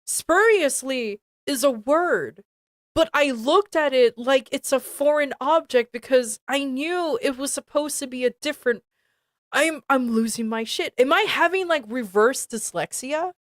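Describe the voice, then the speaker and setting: Reading a fan fiction aloud with her own commentary, this woman streamer trips over words and grows exasperated. She speaks a little slowly in a high voice. The audio is clean studio quality, with no room sound.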